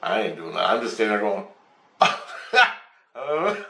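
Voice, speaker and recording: A man telling a rambling story of a vision, excitable, swearing and acting out voices. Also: on the low side, fast, vocal fry. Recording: roomy, distant from mic.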